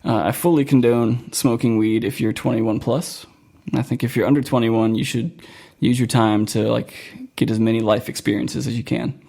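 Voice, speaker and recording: A man's voice: medium pitch, fairly even intonation, moderate pace, gravelly, dark tone. A young man from Florida hosting a podcast in casual chat, rambling and laughing often. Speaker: podcast host.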